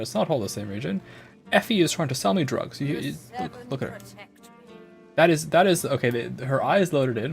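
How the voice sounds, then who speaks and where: A man's voice: mid-range voice, gravelly. A man streaming a game, chatting playfully and rambling, slipping into a put-on British accent. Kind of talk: casual gameplay commentary.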